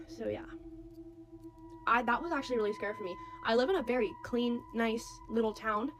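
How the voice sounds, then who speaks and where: A woman's voice: a little high, a little fast, background noise. A young woman telling a story casually, full of "like" and acting out what others said. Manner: animated, quotes others' voices, many "like"s.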